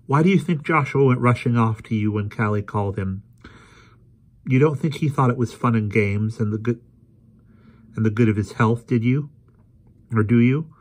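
A man's voice: medium pitch, moderate pace, pauses often, voice pushed up, natural voice. Man voicing an upset, impatient teenage girl. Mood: agitated.

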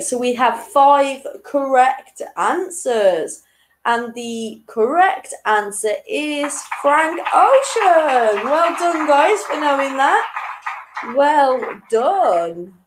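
A woman's voice: high voice, slight background noise, low-quality recording. A woman in her late twenties hosting an online quiz, chatty and self-deprecating, often breaking into giggles. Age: 20s. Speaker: quiz host.

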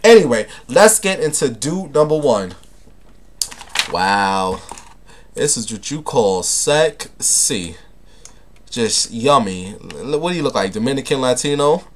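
A man's voice: medium pitch, very animated, a little slow. A man hosting a casual celebrity gossip vlog, talking in a sassy, flamboyant, camp way and calling his viewers honey and baby. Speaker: vlogger.

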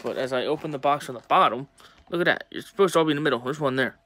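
Chatty excitable man opening card packs. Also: mid-range voice, racing, slight background noise. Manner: chatty and excitable, talks to viewers as y'all. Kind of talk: casual pack-opening vlog.

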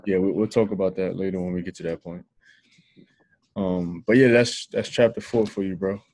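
A man's voice: low voice, steady tone, normal speed, darkish tone. A man chatting casually at a Bible study, laid-back and jokey with slang.

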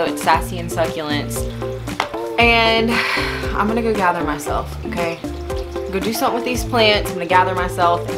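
A woman's voice: fairly low pitch, rough recording. A woman vlogging a plant unboxing, gushing and overwhelmed with emotion as she talks to her viewers. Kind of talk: casual unboxing vlog.

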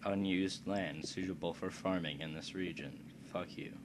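A man's voice: deep voice, normal speed. A man giving casual commentary over a strategy game, talking to himself with crude, profane jokes and asides. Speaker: let's play commentator. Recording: steady background noise.

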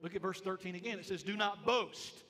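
A pastor's high-pitched, bright voice rings out briskly in a church sanctuary, trailed by the hall's long reverb. Delivering his sermon emphatically, he repeats phrases and quizzes the congregation on each point.

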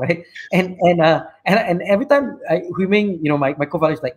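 A man with a Malaysian English accent hosts a casual live chat over a video call, his voice sitting a touch high for a man. He rambles through stories, dotting every thought with "right?" and "you know". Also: fast, hardly any pauses. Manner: rambling, frequent fillers and "right?" tags. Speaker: show host and company CEO.

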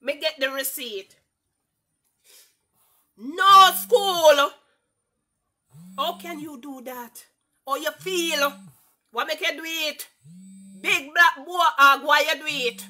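A woman's voice: sits high, unhurried, pushed and bright. A woman chatting on a live stream in a teasing, mocking way. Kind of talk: casual live-stream chat.

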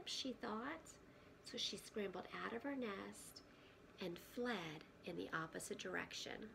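A woman preschool teacher reading a picture book aloud to children, gentle and often hushed, stopping to ask questions. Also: mid-range voice, lively intonation, a little slow, creaky, a little hiss or hum.

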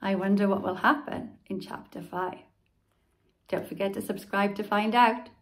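A woman reading a children's story aloud expressively as the channel's storyteller. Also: mid-range voice. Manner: expressive, slow.

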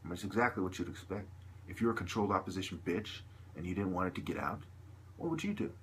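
A man's voice: sits low, animated, fast talker, a little hiss or hum. A man delivering a long, agitated, profane vlog monologue to camera, peppered with "you know.". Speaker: video blogger.

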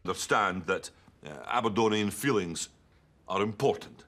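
A man playing a pompous, over-apologetic bald police chief with a Scottish accent, giving a stiff, deadpan press statement. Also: fairly low pitch, normal speed, natural voice. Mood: solemn.

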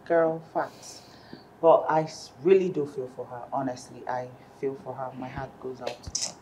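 A woman's voice: very deep voice, normal speed, dark tone, a little hiss or hum. An actress with a Nigerian accent playing a smug young woman who talks in a whiny, dismissive way. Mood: gossiping. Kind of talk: Nollywood film acting.

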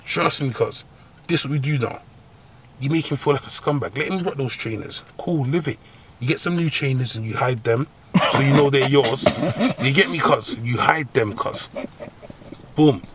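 A man giving comic advice as a host, in a profane, slang-heavy rant full of laughs and sudden high squeals. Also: background noise. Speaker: agony-uncle comedy host.

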